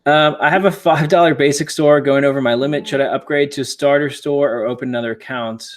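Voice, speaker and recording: A man's voice: medium pitch, steady tone, a little fast, slight background noise. A young man co-hosting a casual livestream, answering viewer questions in a laid-back, chatty way. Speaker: co-host of a reselling livestream.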